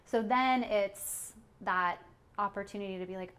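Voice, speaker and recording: A woman's voice: mid-range voice, unhurried, fairly bright tone. A woman co-hosting a parenting podcast, talking casually with many fillers and frequent laughs. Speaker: podcast co-host.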